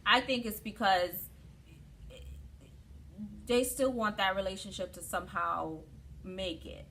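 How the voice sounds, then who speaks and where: A woman co-hosting a casual chat, telling stories in an animated, opinionated way. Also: medium pitch, a little slow, a little hiss or hum. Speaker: podcast co-host.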